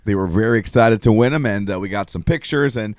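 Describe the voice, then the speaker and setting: A man hosting a radio show, chatting casually, hoarse and talking with a slight lisp from a swollen tongue, with lots of fillers. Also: fairly low pitch, fast talker, no room sound. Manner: chatty storytelling with frequent fillers. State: hoarse, lost voice. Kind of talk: casual chat.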